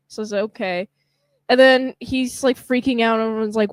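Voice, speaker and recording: A woman co-hosting a podcast, chatting casually about a film and acting out the characters' lines in quick voices. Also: mid-range voice, dry recording. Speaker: podcast co-host. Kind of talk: casual chat recapping a film.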